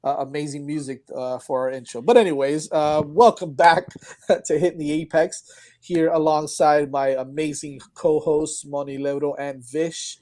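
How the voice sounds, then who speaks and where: A man's voice: a little high, little pitch movement, normal speed, darkish tone, dry recording. A man hosting a casual sports podcast, talking in an upbeat, rambling way with many restarts. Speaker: podcast host. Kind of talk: casual chat.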